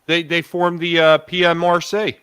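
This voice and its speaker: A man co-hosting a podcast, speaking haltingly with restarts and dry jokes. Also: on the high side, monotone, sharp tone, clear, resonant tone. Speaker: podcast co-host. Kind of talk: casual banter.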